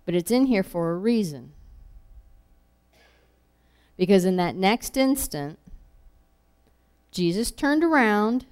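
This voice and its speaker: A woman's voice: medium pitch, animated, takes it slowly, pauses often, a little mellow, clean tone. A woman preaching a sermon, earnest and repeating key phrases for emphasis.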